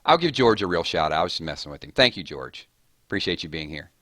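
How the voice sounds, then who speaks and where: Chatty man reading live-chat shout-outs. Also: sits low, sing-song, dry recording, clean studio sound. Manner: rapid-fire, chatty, reading names off chat. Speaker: live stream host.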